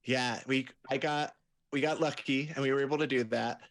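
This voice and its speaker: A man's voice: mid-range voice, fairly even intonation, moderate pace, fairly bright tone, dry recording. A man who directs and acts, explaining his work at length in a casual interview. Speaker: director, writer and actor.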